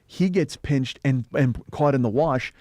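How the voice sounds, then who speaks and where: A man co-hosting a casual film podcast, fast and animated, acting out lines and swearing freely. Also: medium pitch, no echo, studio quality. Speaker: podcast host. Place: podcast studio. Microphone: studio mic.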